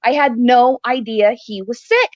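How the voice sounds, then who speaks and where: A woman's voice: on the high side, normal speed, no room sound. A woman co-hosting a casual podcast chat, speaking in an earnest, emphatic way. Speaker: podcast co-host. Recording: dull, lo-fi remote audio.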